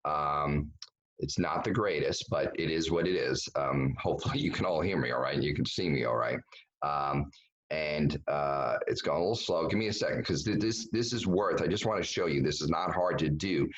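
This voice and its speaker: A man's voice: extremely low pitch, normal speed, muffled recording. A man giving a webinar presentation over a video call, talking bluntly and casually with lots of fillers and restarts.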